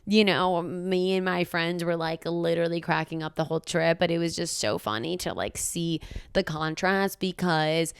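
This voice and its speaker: A woman's voice: fairly low pitch, normal speed, clear, resonant tone, dry recording. Chatty young American woman vlogging. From United States. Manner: chatty, loud and outspoken, lots of "like". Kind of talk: casual travel vlog chat.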